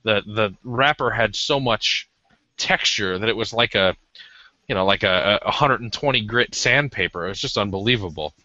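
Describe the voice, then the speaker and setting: A man's voice: lowish voice, moderate pace, sharp tone, no room sound. A man co-hosting a podcast, reviewing a cigar in a rambling, casual way with many ums. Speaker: podcast co-host. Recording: dull lo-fi audio.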